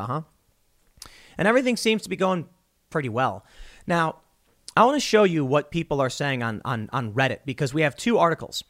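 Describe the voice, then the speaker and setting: Guy ranting through the news solo, lively voice going up and down, bit high. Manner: animated, thinks aloud with restarts and mock quotes. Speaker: political commentary host. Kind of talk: solo commentary monologue.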